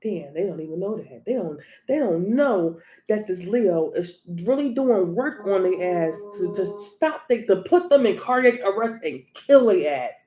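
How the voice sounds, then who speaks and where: A woman's voice: mid-range voice, animated, a little slow, few pauses, mellow. A woman doing a tarot reading in a blunt, profane, emphatic way, often laughing. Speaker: tarot reader. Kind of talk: casual tarot reading rant.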